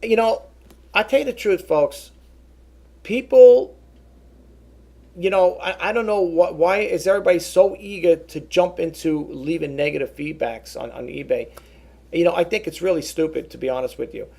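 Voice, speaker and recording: A man's voice: a little high, a little fast, gravelly, a little mellow, slightly rough. A middle-aged man telling an indignant story in a casual vlog, rambling and often restarting his words. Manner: indignant storytelling, quoting both sides of a phone call. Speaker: vlogger.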